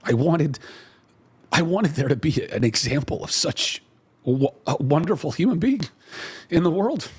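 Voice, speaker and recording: A man in his forties tells a personal story about a film, his voice pitched a bit high. He talks in an animated, emotional way, full of fillers and restarts. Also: unhurried, long pauses, slightly rough. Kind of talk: casual storytelling.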